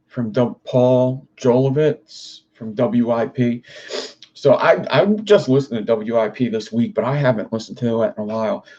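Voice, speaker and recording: A young man rambles through a casual livestream, reacting to chat. He swears freely and wanders between topics. His voice sits at a middle pitch. The audio is dull and lo-fi. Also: moderate pace, warm tone. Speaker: livestream host.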